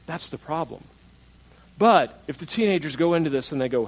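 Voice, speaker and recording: A man's voice: fairly high pitch, animated, a little fast, rough recording. Male pastor, everyday sermon voice, talks with the congregation and puts on mocking voices for quotes. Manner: conversational preaching, asks the congregation questions.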